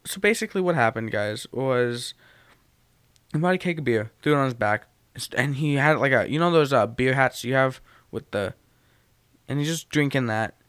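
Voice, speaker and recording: A man's voice: medium pitch, lively intonation, moderate pace, a bit bright, clean tone, no room sound. Man, casual chat, joking storyteller, game master, dry sound.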